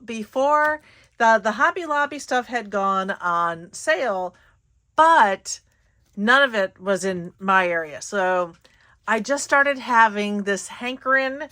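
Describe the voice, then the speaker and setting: Bright, chatty woman craft vlogger. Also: fairly high pitch. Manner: chatty, giggly, lots of fillers. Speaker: craft channel host. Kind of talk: casual haul video chat.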